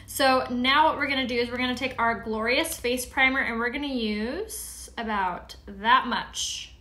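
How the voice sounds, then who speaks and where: Bright-voiced chatty woman from San Diego. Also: a little high. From San Diego, California. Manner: chatty, rambling, quick asides to viewers. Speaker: beauty product seller and live-streamer. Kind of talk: casual live-streamed makeup tutorial.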